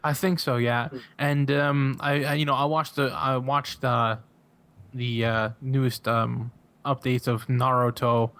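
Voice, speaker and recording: A man's voice: medium pitch, level tone, unhurried, gravelly, fairly bright tone. A young man, a podcast guest, chatting casually, rambling with lots of fillers and laughing often. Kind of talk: casual chat.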